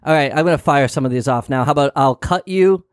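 A man's voice: medium pitch, fast, clear, resonant tone, no room sound. A man co-hosting a casual comedic podcast chat, full of dry, teasing banter. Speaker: podcast co-host.

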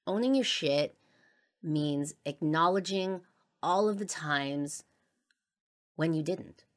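A woman with a low voice talks on her podcast about something she regrets. She speaks haltingly, with frequent fillers, and her voice often sinks to a quiet trail at the end of a thought. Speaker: podcast host. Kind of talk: personal confessional monologue.

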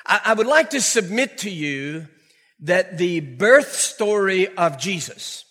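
Older male pastor, bright and tense tone, humorous storytelling sermon, long church reverb. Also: high voice, takes it slowly. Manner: animated, humorous storyteller who laughs often. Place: church before a congregation.

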